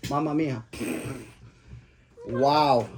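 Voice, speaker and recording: A man's voice: mid-range voice, drawn-out words, noisy background. Rambling, profane middle-aged man. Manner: rambling, profane, jokey anecdotes. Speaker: father telling stories to his family. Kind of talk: casual storytelling at the dinner table.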